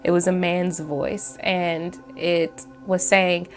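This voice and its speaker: A woman's voice: lowish voice, flat delivery, takes it slowly, soft background music. Chatty woman telling a spooky story. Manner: chatty, rambling, many fillers and restarts. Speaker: channel host. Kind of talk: casual storytelling to camera.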